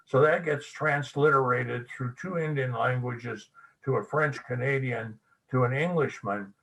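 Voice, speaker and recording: A man's voice: medium pitch, measured pace, creaky, fairly bright tone, low-quality recording. Older man telling folksy history stories. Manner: folksy storyteller, spells words out. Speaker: guest speaker. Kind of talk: anecdotal local history talk. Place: club meeting room.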